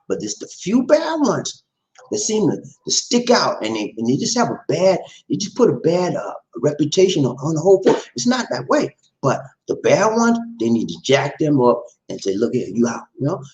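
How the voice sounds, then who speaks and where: A man based in the Philippines hosts a live stream in an echoey room, reading viewer comments and reacting to the news. His medium-pitched voice is very animated at a normal pace, and he rambles emphatically, repeating phrases and calling listeners "man."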